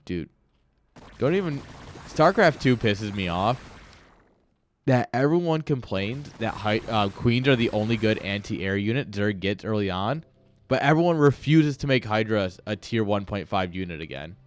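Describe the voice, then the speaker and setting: With a fairly low, expressive voice at an ordinary pace, this man rambles through casual commentary on a live video game match, cracking jokes, ranting and talking with viewers. He's an esports caster and streamer, and there's a faint hiss or hum in the recording.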